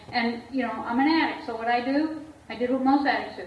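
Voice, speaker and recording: A woman's voice: on the high side, a little fast. Frank woman therapist in an echoey room. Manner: frank, laughs often, acts out quoted voices. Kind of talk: candid personal talk to an audience. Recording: echoey room, far from the mic, dull and lo-fi.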